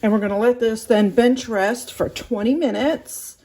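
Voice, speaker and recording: A woman's voice: a little high, moderate pace, dark tone. A middle-aged woman chatting casually through a home baking demonstration, rambling with fillers and restarts, her voice a little shaky from kneading.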